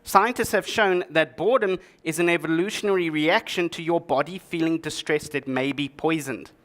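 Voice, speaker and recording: A man's voice: fairly high pitch, normal speed, a bit bright. Wry man giving a conference talk. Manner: dry, joking delivery with sarcastic asides. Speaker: conference speaker. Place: conference stage before an audience.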